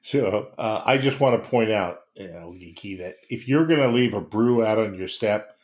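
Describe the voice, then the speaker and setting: A man's voice: fairly low pitch, animated, moderate pace, darkish tone. A man from Florida co-hosting a podcast, joking and teasing in casual chat. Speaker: podcast co-host.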